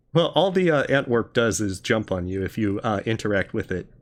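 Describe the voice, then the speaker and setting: A man's voice: fairly low pitch, sing-song, a little slow. A man hosting a let's play, chatting casually, chuckling and reading the on-screen game text aloud. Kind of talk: casual gameplay commentary.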